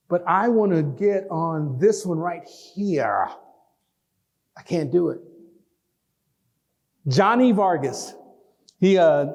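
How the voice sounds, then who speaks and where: A man, giving a folksy, animated public lecture and taking audience questions in a lecture hall. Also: sits high. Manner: animated, folksy, talks straight to the crowd. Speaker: guest lecturer.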